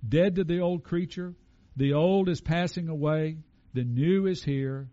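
Man, relaxed sermon, mellow tone, muffled lo-fi sound. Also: a little high, measured pace. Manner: conversational preaching, asks the congregation questions. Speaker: pastor.

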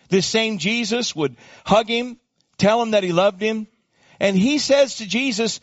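A man's voice: high voice, expressive, unhurried, dry recording, muffled recording. A male pastor preaching a sermon, dramatic, acting out voices and calling for congregation responses.

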